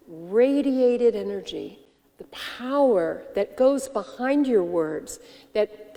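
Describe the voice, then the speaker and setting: A woman minister giving a sermon, teaching gently and reflectively and posing questions to the congregation. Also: fairly high pitch, in a large hall. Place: church sanctuary.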